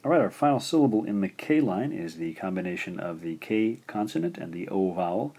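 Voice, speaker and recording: A man teaching beginner Japanese writing, explaining stroke order patiently and sounding out syllables slowly and deliberately. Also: on the low side, lively intonation, warm tone. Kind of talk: instructional explanation.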